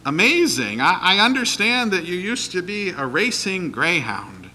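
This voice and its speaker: Brief: pastor doing an amazed older preacher, questioning, bright-toned, slow. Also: male voice, high voice, big pitch swings, pitched above the performer's own voice, exaggerated voice. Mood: astonished. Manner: incredulous questioning. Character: astonished older male preacher, curious.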